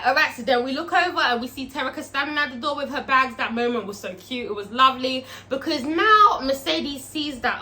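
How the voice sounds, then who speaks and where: High, bright woman recapping a show. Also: fairly quick, few pauses. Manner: animated, frequent swearing, checks in with "all right?". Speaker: TV show reviewer. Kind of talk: casual recap vlog.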